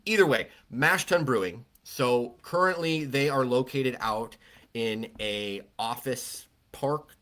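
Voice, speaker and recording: A man chats casually as a podcast co-host, with a voice of ordinary middle pitch. He rambles, restarts his sentences and keeps a relaxed, conversational flow. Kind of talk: casual chat.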